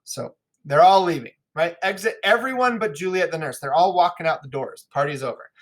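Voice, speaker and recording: A man's voice: a little high, animated. Man teaching a play read-through. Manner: explains, then reads lines in quick voices. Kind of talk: classroom read-through lesson.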